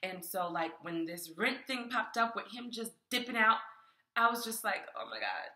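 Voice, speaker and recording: A woman from New York telling a personal story to her viewers in a casual, animated way, often calling them y'all and laughing. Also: a little high, moderate pace. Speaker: spiritual vlogger and tarot creator. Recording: echoey room.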